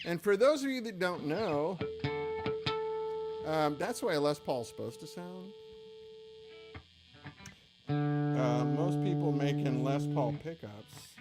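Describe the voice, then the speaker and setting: A man's voice: a little high, expressive, takes it slowly, long pauses, loud music behind the voice. A tired, middle-aged man hosting a casual gear-shop livestream, chatty and rambling with self-deprecating asides.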